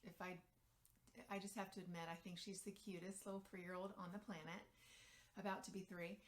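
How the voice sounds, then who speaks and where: A woman with a medium-pitched, fairly bright voice speaks as a parent coach, looking straight into the camera. She tells a story and offers advice conversationally, with the occasional filler word.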